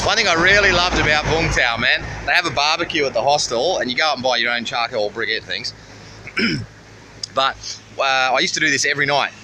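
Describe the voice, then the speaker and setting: An Australian man vlogging casually at a busy roadside, swearing freely and rambling through a story into a handheld camera. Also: on the high side. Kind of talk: casual roadside travel vlog. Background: faint passing traffic.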